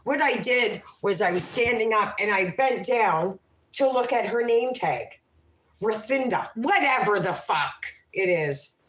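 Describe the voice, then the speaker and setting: A Canadian woman hosting a casual livestream, telling a story in a brash, profane, animated way. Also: mid-range voice, a little slow. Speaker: livestream host. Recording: echoey room.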